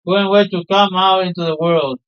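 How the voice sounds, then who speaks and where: A man's voice: sits high, steady tone, moderate pace, clean tone, highs cut off, close to an everyday voice. A man reading aloud the lines of a proud, sentimental fisherman father in a game, in a homely, storytelling way. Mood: fond.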